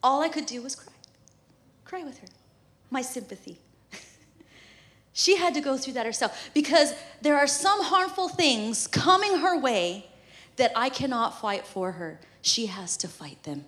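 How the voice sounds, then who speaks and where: A woman's voice: high-pitched, very animated, unhurried, pauses often, fairly bright tone. A woman in her thirties, a mother, preaching a sermon in a conversational, humorous way and laughing often. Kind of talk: sermon with prayer and personal story.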